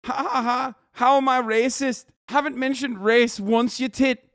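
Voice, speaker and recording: A brash, combative young English lad, as a man puts him on, pitched well above his normal voice and pushing hard. The delivery is loud and mocking, and it sits in a dry, close-up sound with no room around it. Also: fairly even intonation, moderate pace, dry recording. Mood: taunting.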